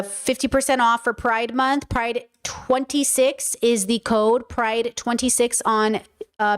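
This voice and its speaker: This American host of a casual livestream has a smooth, fairly high voice. She's playful and chatty, cursing freely and repeating words to stress her points.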